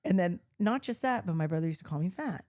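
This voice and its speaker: A young woman hosting a podcast, telling stories in casual chat, animated and profane, acting out the people she quotes. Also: fairly low pitch, fast. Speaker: podcast host.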